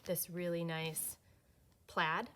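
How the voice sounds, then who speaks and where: Woman, lower register, practical product presenter explaining choices step by step. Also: little pitch movement, takes it slowly, fairly bright tone. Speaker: furniture fabric presenter. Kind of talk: product walkthrough.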